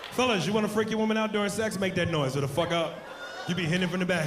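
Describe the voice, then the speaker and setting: A male stand-up comedian telling loud, animated jokes on a club stage into a handheld mic, with a noisy live recording. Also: high-pitched, fast talker, a crowd in the background. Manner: loud, animated, shouting punchlines.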